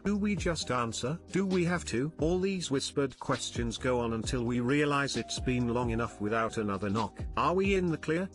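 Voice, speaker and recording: A man reading online posts aloud as scripted narration at a steady, even pace. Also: mid-range voice. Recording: faint background music.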